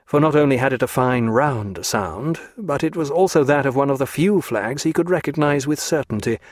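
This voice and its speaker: Man, audiobook narrator, measured even delivery, mid pitch, dry close-miked sound. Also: dry recording. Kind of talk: scripted narration.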